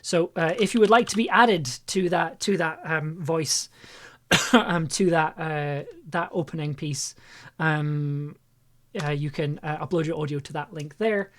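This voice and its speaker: A woman hosting a relaxed live stream from her own studio mic, speaking in a somewhat low register. She drifts between thoughts and laughs at herself often, keeping the tone loose and self-mocking. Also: a little slow. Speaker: live streamer and audio producer. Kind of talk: casual live-stream chat.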